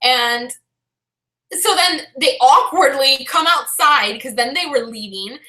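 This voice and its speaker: High bright-voiced chatty woman. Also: expressive, slow pace, roomy sound. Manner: chatty, peppered with "like", laughs through the story. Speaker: vlogger. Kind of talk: casual storytelling.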